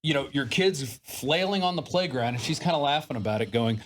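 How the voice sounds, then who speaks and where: A man's voice: mid-range voice, a little fast, a little hiss or hum. A man, a regular on the show, telling anecdotes casually and acting out other people's quotes. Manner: animated storyteller who acts out quotes.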